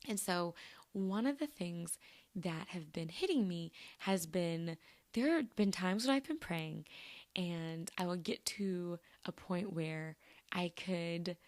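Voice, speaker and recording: A woman's voice: lowish voice, slow pace, darkish tone, no echo. A young woman hosting a solo podcast, talking earnestly and casually with many fillers and restarts. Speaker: podcast host. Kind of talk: reflective solo podcast talk.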